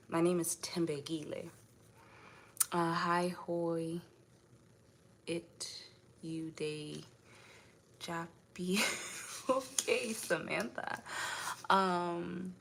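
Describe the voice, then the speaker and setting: A woman's voice: lowish voice, vocal fry, fairly bright tone, slight background noise. A woman raised in the United States chats casually on a live stream. She answers viewer comments one by one and laughs often. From United States (raised in Indianapolis).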